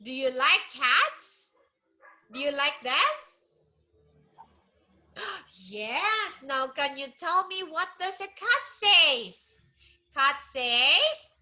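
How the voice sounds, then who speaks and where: Woman, English tutor for young kids; high, lively pitch, drawn-out delivery, coaxing repetition. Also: highs cut off. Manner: slow, repetitive, coaxing questions; imitates animal sounds. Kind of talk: online English lesson for a child.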